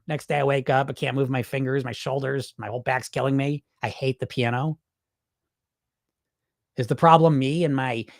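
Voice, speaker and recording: A man's voice: mid-range voice, no room sound, clean studio sound. A man coaching dieters in a live-stream talk, blunt, profane and mocking as he acts out their excuses. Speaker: weight loss coach.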